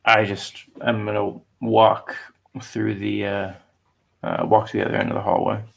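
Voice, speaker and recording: A man's voice: on the low side, flat delivery, moderate pace, creaky. A man playing a tabletop roleplaying game, answering in brief, plain replies. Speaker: player.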